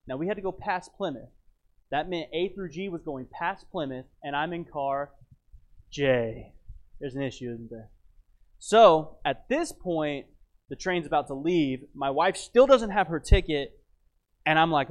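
Animated man telling a story. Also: fairly high pitch, normal speed. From United States. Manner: animated, dramatic storyteller with wry asides. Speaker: speaker telling a travel story. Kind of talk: storytelling talk.

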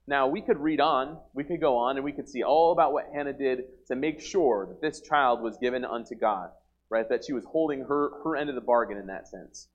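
A man's voice: medium pitch, fairly quick, muffled recording. A man preaching a sermon in an earnest, conversational way, restarting his sentences often.

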